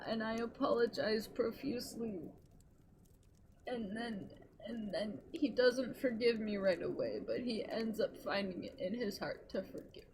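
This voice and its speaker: A woman's voice: on the high side, measured pace, noisy background. A young woman streamer rambling in casual chat, gushing and swearing freely.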